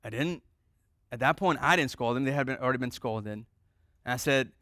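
Bright, clear-voiced male pastor preaching. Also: mid-range voice, fairly quick, no echo, studio quality. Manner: conversational storytelling, acting out quoted dialogue. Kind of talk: sermon.

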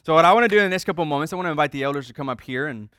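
Pastor guy telling a story in his sermon, fairly high bright voice, chatty, acts out the dialogue. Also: lively intonation, very fast, clean tone, dry recording, clean studio sound. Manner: conversational storytelling, acting out quoted dialogue.

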